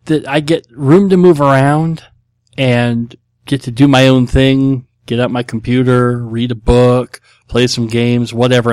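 A man's voice: mid-range voice, no room sound, studio quality. A middle-aged man hosting a podcast, answering listener questions in a casual, blunt, rambling way with many fillers. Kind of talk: casual chat.

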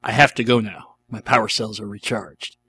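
A man's voice: lowish voice, steady tone, normal speed, sharp tone, husky, heavily acted. Man reading a heroic alien fighter, confident, tender and firm; near his own voice. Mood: apologetic. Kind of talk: reading a fan fiction aloud.

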